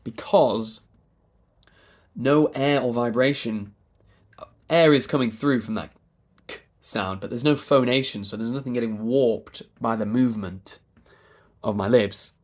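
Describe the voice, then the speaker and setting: A man with a Received Pronunciation accent coaching pronunciation, repeating words and sounds slowly, now and then whispering them. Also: mid-range voice. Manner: drawn-out demonstration sounds, repeating words and phonemes, with whispered bits. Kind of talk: slow, deliberate pronunciation lesson.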